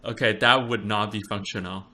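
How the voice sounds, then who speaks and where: A man with a lowish voice co-hosting a casual podcast. He talks in an easygoing way, full of "like" fillers and quick laughs. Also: steady tone, over a noisy crowd. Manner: laid-back, laughs often, many "like" fillers. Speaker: podcast co-host. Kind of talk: casual chat.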